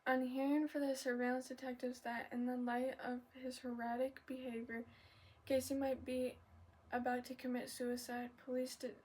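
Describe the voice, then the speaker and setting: Breathy soft-spoken woman reading ASMR. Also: high voice, level tone, normal speed. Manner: soft reading with stumbles and apologies, slipping into whispers. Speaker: ASMR channel host.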